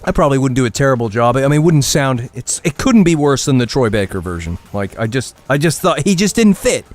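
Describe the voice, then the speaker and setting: A man's voice: mid-range voice, very animated, brisk, soft background music. A man chatting casually while streaming a game, rambling and restarting his sentences. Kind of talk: casual gameplay commentary.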